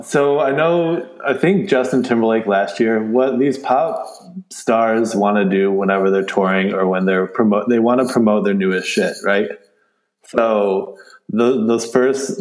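A lowish male voice on a casual betting podcast, hesitant and thinking out loud with fillers. He sounds relaxed. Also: echoey room, rough recording. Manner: hesitant, many fillers and restarts. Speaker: podcast co-host. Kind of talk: casual chat about sports betting.

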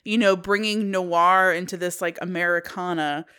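A woman's voice: on the low side, fairly even intonation, normal speed, pushed and bright, clean tone. A young adult woman co-hosting a podcast, gushing enthusiastically and swearing casually. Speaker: podcast co-host. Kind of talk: casual chat.

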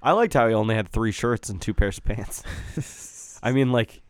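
Smooth-voiced man hosting a casual podcast. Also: lowish voice, moderate pace, no echo. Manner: loose, joking, swears freely. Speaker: podcast host.

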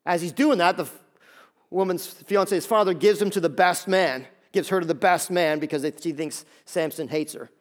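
A male pastor preaching a sermon, retelling a story in a lively, joking way and acting out the characters' lines. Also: sits high, normal speed. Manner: lively storytelling, acts out voices.

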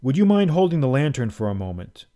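A man's voice: mid-range voice, sing-song, fast talker, warm tone, natural voice. A man voicing a hearty, chuckling treacherous host. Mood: genial. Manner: hearty, chuckling, falsely genial.

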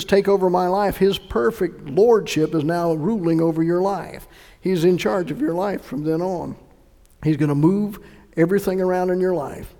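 A male pastor with a high, gravelly voice delivers an emphatic sermon. He swings between forceful bursts and hushed asides. A long hall reverb trails each phrase. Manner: emphatic preaching with sudden shifts between loud and hushed delivery.

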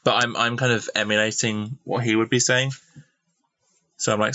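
A man's voice: on the low side, flat delivery, moderate pace, pushed and bright, no echo. A man playing in a tabletop game, talking casually with stammering restarts, on a slightly muffled mic. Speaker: player.

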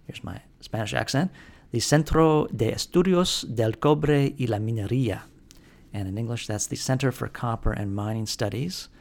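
Gravelly-voiced guy hosting a podcast, chatty market rundown, lots of uhs and restarts. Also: mid-range voice. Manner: conversational with frequent fillers and restarts. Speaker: podcast host. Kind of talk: casual market commentary.

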